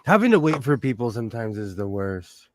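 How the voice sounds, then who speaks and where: A man's voice: mid-range voice, sing-song, brisk. A man hosting a sewing livestream, chatting casually, laughing often and greeting viewers by name.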